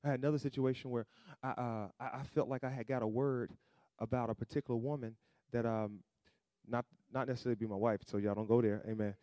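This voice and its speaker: A man preaching a sermon, asking the congregation for amens, swinging between loud emphatic peaks and low asides. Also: steady tone, fast talker, no room sound, clean studio sound. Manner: call-and-response preaching, rising to loud emphatic peaks then dropping low; acts out quoted voices in asides. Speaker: pastor.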